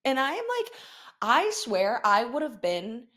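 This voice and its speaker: Woman, thirties, podcast host, casual confessional chat, profane, laughing, fairly high voice. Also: big pitch swings, unhurried, pushed and bright. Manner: frank, profane, laughs often.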